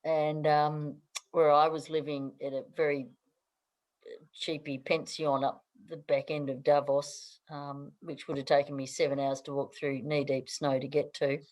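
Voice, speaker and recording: In a casual interview chat with poor audio, a middle-aged Australian woman who works as a newspaper editor speaks as the guest. Her voice is deep, slightly mellow and a bit slow, with a flat delivery, and she laughs often and keeps restarting her sentences.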